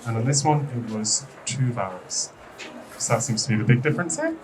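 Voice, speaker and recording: A British man leads a classroom lesson in a loose, chatty way, hesitating with frequent ums and playfully teasing the class. He sits at a middling pitch and sounds set back from the mic, with clear room noise behind him. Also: animated, fairly quick, recorded from a distance. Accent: British English. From Britain. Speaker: English teacher.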